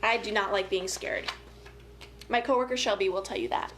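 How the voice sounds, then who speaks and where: A young woman family educator reading a picture book aloud to children, with gentle, playful, chatty asides to her young listeners. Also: medium pitch, normal speed, slight background noise.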